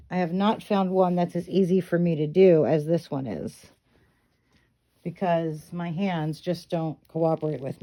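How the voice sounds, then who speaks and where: A middle-aged woman with a lowish, mellow voice hosts a reborn doll hair tutorial, casually explaining step by step how to style a doll's hair. She is chatty and instructive, checks in often with "okay," and has the hiccups.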